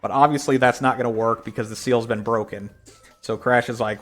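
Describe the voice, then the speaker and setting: A man's voice: medium pitch, steady tone, fairly quick, fairly bright tone, soft background music. A man casually reading a translated comic aloud and narrating its panels, in a loose, rambling way with many fillers. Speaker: reader.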